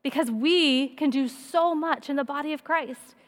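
A woman in her thirties with a high voice delivers a sermon at a moderate pace, earnest and personal, telling stories and repeating her points. She speaks as a women's speaker, and the recording carries the long reverb of a hall.

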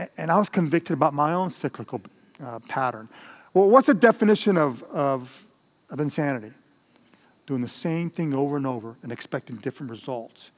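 Older man preaching, slightly high voice, conversational with Spanish asides, long hall reverb. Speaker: pastor. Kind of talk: sermon.

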